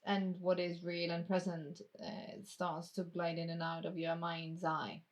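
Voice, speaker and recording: A woman running a tabletop game as game master, narrating in a casual, drawn-out way with some swearing. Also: lowish voice, little pitch movement.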